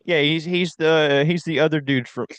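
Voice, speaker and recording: A man's voice: a little high, normal speed, dry recording, highs cut off. A young man from South Carolina co-hosting a casual chat podcast, rambling and laughing as he tells stories. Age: young adult. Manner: rambling, laughs often, animated storyteller. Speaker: podcast co-host.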